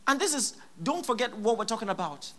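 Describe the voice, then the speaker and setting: A pastor preaching a sermon in church, emphatic and repeating key phrases, with sudden loud exclamations. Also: medium pitch, sing-song, brisk.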